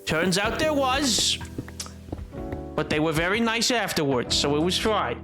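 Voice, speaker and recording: A man's voice: high-pitched, sing-song, unhurried, over music. A man streaming a game, chatting casually in a rambling way, full of stammered restarts and theatrical asides. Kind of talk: casual chat while gaming.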